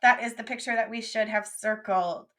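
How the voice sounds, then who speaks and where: A young adult woman teaching a French vocabulary lesson, modelling each word slowly and coaxing her students to repeat after her. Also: on the high side, fairly even intonation, fairly bright tone. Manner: slow, drawn-out modelling of each French word, then quick English asides.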